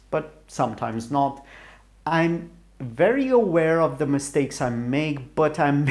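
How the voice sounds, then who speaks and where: A man's voice: medium pitch, a little mellow. A middle-aged man from Romania with a Romanian accent, talking to camera in a hesitant, rambling way and often searching for the right English words. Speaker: YouTuber. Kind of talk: rambling solo talk to camera.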